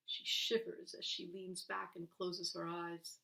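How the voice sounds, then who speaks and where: A woman's voice: fairly low pitch, flat delivery, a little slow, creaky, hardly any pauses, sharp tone, roomy sound, low-quality recording. A woman reading a children's novel aloud, voicing the characters with expression. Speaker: reader.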